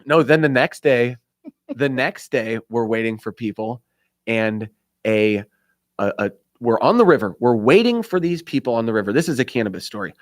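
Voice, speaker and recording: Animated storytelling man, dry studio sound. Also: mid-range voice, normal speed, no echo. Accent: Indiana. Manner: animated storyteller, acts out voices, laughs often. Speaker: radio show host. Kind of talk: casual storytelling chat.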